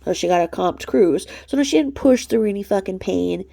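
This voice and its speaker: A woman's voice: mid-range voice, animated, a little fast, gravelly, dark tone. A woman hosting snarky gossip commentary, profane, mocking and blunt. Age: adult mother. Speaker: commentary channel host.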